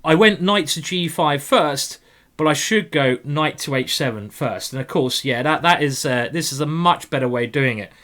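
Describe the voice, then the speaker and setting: A man commentating live on his own blitz chess games, excitable and playful, teasing his opponent out loud. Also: a little high, normal speed. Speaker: chess streamer.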